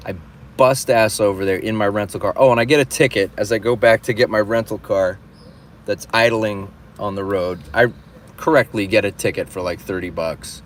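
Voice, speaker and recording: Man on a live stream, fairly low voice, excitable storyteller who keeps restarting, faint street noise outside. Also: normal speed. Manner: animated, restless retelling with many restarts and swearing. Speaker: livestream host. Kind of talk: casual storytelling.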